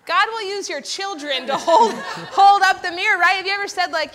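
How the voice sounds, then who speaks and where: A woman in her thirties giving a casual Bible teaching, animated and acting out the voices she quotes. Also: extremely high pitch, normal speed, hardly any pauses.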